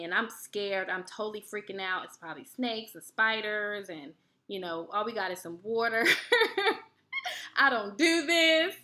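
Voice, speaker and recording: A woman hosting a wellness video, giving advice through chatty, animated personal stories. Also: medium pitch. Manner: chatty and animated, laughs while telling stories. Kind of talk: storytelling advice talk.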